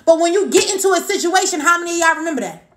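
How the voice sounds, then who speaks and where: Very high-voiced woman coaching with emphasis. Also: expressive, very fast, a bit bright, reverberant. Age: 30s. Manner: emphatic and repetitive, greets viewers by name. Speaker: team coach. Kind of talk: motivational live-stream talk.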